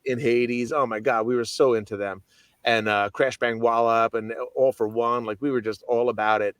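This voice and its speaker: A man, a guest musician, telling stories in a casual chat in an animated way, swearing freely. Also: medium pitch, moderate pace, no room sound.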